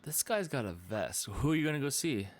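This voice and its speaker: A man co-hosting a podcast in casual live-stream chat, rambling and animated, slipping into silly voices for quotes. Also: mid-range voice, fairly quick, a crowd in the background. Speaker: podcast co-host.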